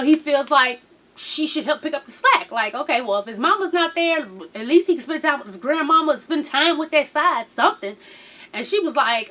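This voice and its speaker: A high-voiced woman, her pitch swinging widely as she chats. She recaps a reality show casually and with plenty of swearing, acting out the lines of the people she talks about. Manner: animated and profane, mimics people in quotes.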